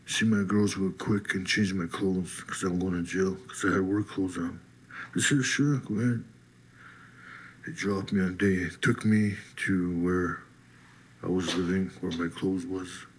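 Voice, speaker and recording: A man slowly telling his personal faith testimony, husky voice, getting lively as he retells being set free. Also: low-pitched, slight background noise. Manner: slow storytelling, lively when retelling his release. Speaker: testimony speaker.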